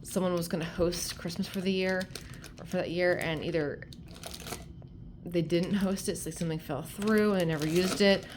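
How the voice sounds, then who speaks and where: At home, a woman vlogger holds her phone and rambles chattily to camera through her thrift haul, full of "um"s and "like"s and sounding out of breath. Her voice is fairly low with fairly even intonation at normal speed, and there is background noise.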